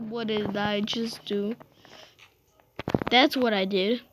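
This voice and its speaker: A woman's voice: mid-range voice, fairly even intonation, drawn-out words, very noisy. A woman giving casual, rambling gameplay commentary, exclaiming often and restarting her sentences. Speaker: gamer.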